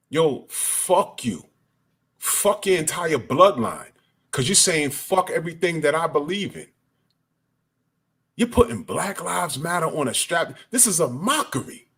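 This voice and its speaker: A man's voice: medium pitch, fairly bright tone. A man giving an angry, profane rant as a boxing commentator. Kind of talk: ranting commentary.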